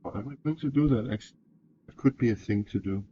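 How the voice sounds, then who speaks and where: A man's voice: mid-range voice, fast, warm tone, dull audio, a little hiss or hum. A man narrating a solo tabletop game, thinking aloud and often correcting himself.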